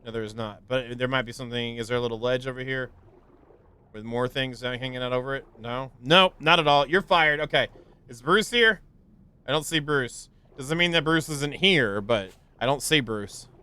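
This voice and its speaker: A young man streaming a game live, rambling casually with stammering restarts and sudden high, excited yelps. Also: normal speed, smooth. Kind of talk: casual live gameplay commentary.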